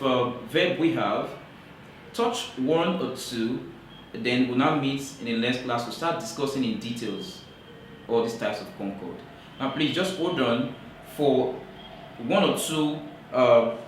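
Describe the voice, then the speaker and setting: Slow grammar teacher guy, keeps repeating stuff, heard from far off in a big echoey room. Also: medium pitch, a little hiss or hum. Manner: slow, emphatic, repeats key points. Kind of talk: classroom lecture.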